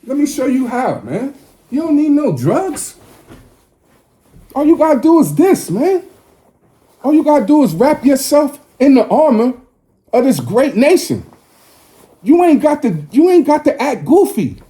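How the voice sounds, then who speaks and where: A man's voice: very high voice, very animated, moderate pace, mellow. A man in his forties delivering a confrontational, preachy monologue to his viewers, profane and scolding. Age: 40s. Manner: scolding, lecturing tone.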